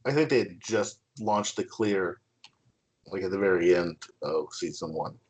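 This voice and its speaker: A man co-hosting a podcast, chatting casually with lots of fillers and halting starts. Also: deep voice, lively intonation, a little mellow. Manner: filler-heavy, hesitant. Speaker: podcast co-host. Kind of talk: casual chat.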